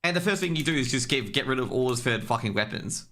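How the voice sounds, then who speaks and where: Rambling, swearing young man with a bright voice. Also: mid-range voice, animated, quick pace. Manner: rambling, profane and loose, many fillers and restarts; gets worked up and louder when ranting. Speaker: streamer. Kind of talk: casual stream chat.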